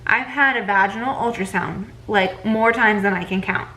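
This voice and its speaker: A woman's voice: medium pitch, moderate pace, bright, forceful tone, rough recording. A young pregnant woman, chatting casually in a vlog and retelling a bad appointment with lots of fillers. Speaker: vlogger.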